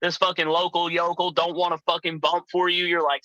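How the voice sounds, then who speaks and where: A man's voice: sits high, level tone, fairly quick, pushed and bright, no room sound, low-quality recording. A young adult man, a wrestler guest, telling profane, rambling stories and acting out the people in them. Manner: swears constantly, rambling tangents, acts out quoted voices. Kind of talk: profane storytelling chat.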